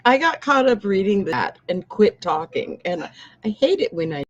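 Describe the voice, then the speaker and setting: A woman's voice: mid-range voice, very animated, normal speed. A woman co-hosting a casual livestream from a diner booth, talking in long rambling stories and laughing often. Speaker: livestream co-host. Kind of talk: casual chat. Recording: dull lo-fi livestream audio.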